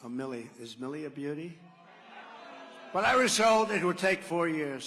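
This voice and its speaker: A man's voice: a little high, animated, moderate pace, a bit bright, slight background noise. A man giving a rambling, sarcastic campaign rally speech, telling stories and acting out quotes. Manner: digressive, sarcastic, acts out quotes. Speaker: political candidate at a campaign rally. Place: large rally venue. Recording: echoey hall reverb.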